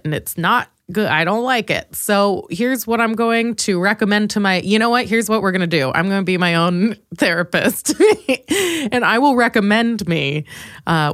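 A woman in her twenties hosting a comedic solo podcast, swearing freely and laughing at herself in an animated rush. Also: mid-range voice, no echo, studio quality. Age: 20s. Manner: profane, self-mocking, animated, laughs a lot. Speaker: podcast host.

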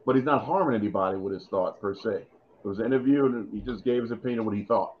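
A man's voice: fairly low pitch, fast talker, slight background noise. A man co-hosting a casual wrestling chat, rambling and thinking aloud with many fillers. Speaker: podcast co-host. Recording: muffled lo-fi audio.

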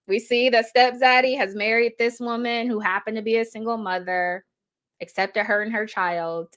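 A woman's voice: medium pitch, a bit bright. A woman giving casual, emphatic reaction commentary, chatty and laughing often.

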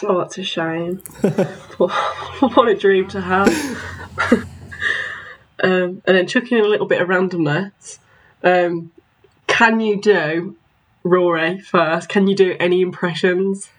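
A woman co-hosting a podcast in casual chat, playful and quick to laugh. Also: fairly low pitch, steady tone, rough recording. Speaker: podcast co-host.

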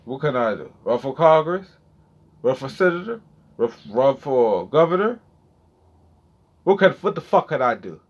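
A man in his thirties with a slangy, swearing manner, talking casually and straight to his viewers in a rambling monologue, at times mumbling low and at times getting loud. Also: sing-song, moderate pace, pauses often. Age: 30s. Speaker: vlogger. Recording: dull lo-fi sound.

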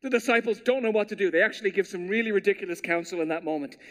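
A man preaching a sermon as pastor, animated and storytelling, acting out quotes with playful voices. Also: high voice, rapid-fire.

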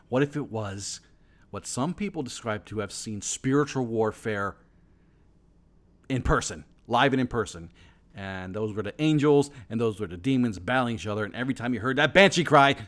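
A man's voice: medium pitch, lively intonation, moderate pace. A man co-hosting a comedy podcast in casual, playful, theatrical chat, with music behind. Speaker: co-host.

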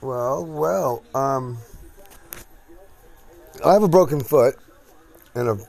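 A man's voice: medium pitch, takes it slowly, creaky, darkish tone. A man hosting a casual podcast chat at home, crude and joking, rambling from one thing to the next. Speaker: podcast host.

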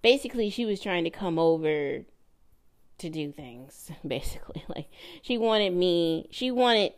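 A woman hosting her own podcast, telling a personal story in a casual, animated way and acting out the voices in her quotes. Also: on the low side, measured pace. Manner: animated, laughing, mimics voices in quoted lines. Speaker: podcast host.

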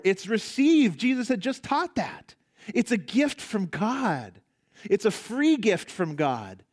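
A man preaching a sermon as a pastor, emphatic, repeating key phrases and asking the congregation rhetorical questions. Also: high voice.

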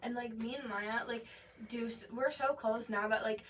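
A woman's voice: on the high side, steady tone, normal speed, a bit bright, recorded from a distance, a little hiss or hum. A young woman co-hosting a podcast in casual chat, rambling with lots of "like" and swearing, laughing easily. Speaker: podcast co-host.

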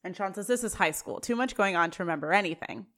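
A woman's voice: mid-range voice, lively intonation, quick pace, a bit bright. A woman co-hosting a podcast, casually retelling TV scenes and quoting the characters' lines, often laughing. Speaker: podcast co-host. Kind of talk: casual recap chat.

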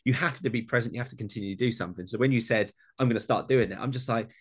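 A young British man, a food content creator, talking in a relaxed way in a casual interview and swearing freely. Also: mid-range voice, very fast, few pauses, husky. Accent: British English.

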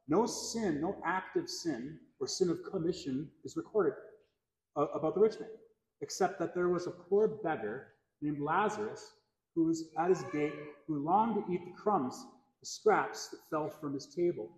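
A man's voice: on the high side, a little mellow. A man preaching a sermon as pastor, earnest, repeating key phrases for emphasis, recorded in a church. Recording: echoey church hall, long reverb.

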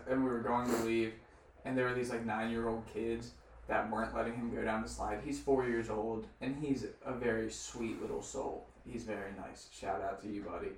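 A man's voice: mid-range voice, steady tone, moderate pace. A man co-hosting a podcast, casually telling stories and trading crude jokes. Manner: joking, storytelling, crude banter. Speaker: podcast co-host. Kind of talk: casual chat. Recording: echoey room from far off, faint noise.

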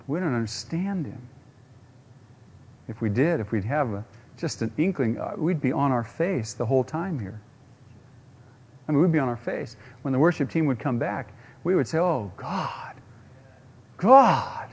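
A man's voice: medium pitch, lively intonation, normal speed, creaky, long pauses, a little mellow, breathy edge. A man preaching a sermon, using rhetorical questions and acting out quotes. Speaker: pastor.

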